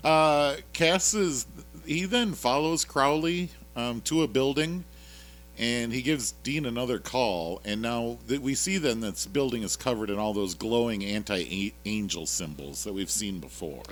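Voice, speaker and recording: A man's voice: mid-range voice, unhurried. A man co-hosting a casual podcast, retelling a TV episode in a rambling, jokey way with lots of fillers. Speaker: podcast co-host recapping a TV episode. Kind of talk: casual chat.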